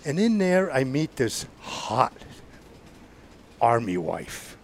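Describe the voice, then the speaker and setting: Older Southern US podcast guest, storyteller, stammers and restarts, voice in the middle range. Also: male voice, medium pitch, sing-song, slow, a little hiss or hum. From Georgia, US. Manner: rambling, stammering restarts, sound effects. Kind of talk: casual storytelling.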